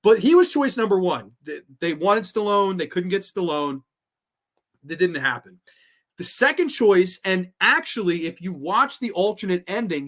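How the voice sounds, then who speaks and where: A young man hosting a horror movie review show in an excitable, rambling, profane style. His voice sits high and sounds bright and forward. He chats casually and laughs easily. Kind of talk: casual livestream commentary.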